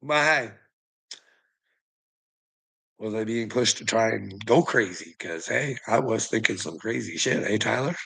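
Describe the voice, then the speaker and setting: A man's voice: fairly low pitch, measured pace, creaky, pauses often, a bit bright, husky, poor audio. A man in a casual, rambling monologue, swearing often and laughing between thoughts. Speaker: vlogger.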